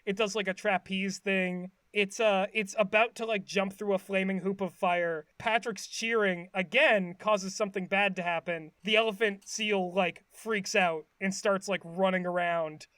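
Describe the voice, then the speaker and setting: A man's voice: high-pitched, fairly even intonation, normal speed, hardly any pauses, a bit bright, no room sound, studio quality. A man casually retelling a cartoon episode on a podcast, rambling with lots of fillers and acting out bits of dialogue. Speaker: podcast co-host recapping an episode. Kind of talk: casual chat.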